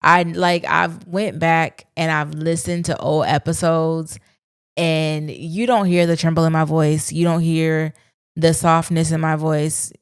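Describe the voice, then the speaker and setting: A woman with a low, smooth, clear voice hosts her own podcast. She talks candidly and casually, with slang. The sound is dry and close to the mic. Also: flat delivery, unhurried, no room sound. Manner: candid, conversational, speaks her mind with slang. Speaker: podcast host. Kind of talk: solo reflective podcast monologue.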